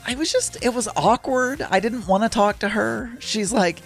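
A man's voice: sits high, normal speed, creaky, soft background music. A middle-aged man telling a rambling, chatty story with exasperated asides. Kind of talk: casual storytelling monologue.

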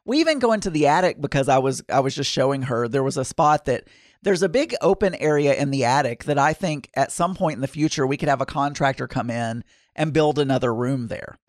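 A man's voice: medium pitch, expressive, a little fast, dry recording, studio quality. A man casually telling a long personal anecdote in a rambling way, full of fillers and restarts.

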